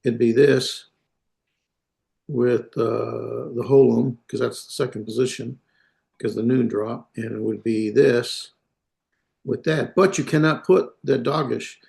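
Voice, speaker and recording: Male instructor, mid pitch, halting delivery full of fillers, classroom lecture. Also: fairly even intonation, gravelly, darkish tone. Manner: halting, many fillers and self-corrections.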